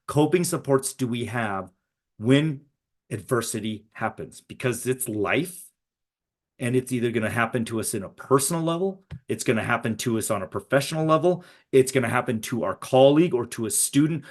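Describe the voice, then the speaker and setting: At a moderate pace and medium pitch, a middle-aged man leads a live webinar for educators over video call, keeping it conversational and repeatedly checking in with "right?".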